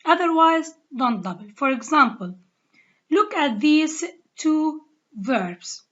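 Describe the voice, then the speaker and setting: Teaching English grammar at a slow, careful pace, a Lebanese woman spells out letters and goes over every rule step by step. She has a high, sing-song voice with a fairly bright tone, and the recording is dull and lo-fi.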